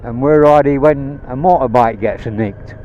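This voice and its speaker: A man's voice: mid-range voice, a little slow, warm tone, dull audio, slight background noise. A man from Rhodesia, a vlogger, ranting bluntly and swearing while riding a motorbike, recorded on a helmet mic. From Rhodesia (now Zimbabwe). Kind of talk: angry rant while riding. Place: on a motorbike outdoors.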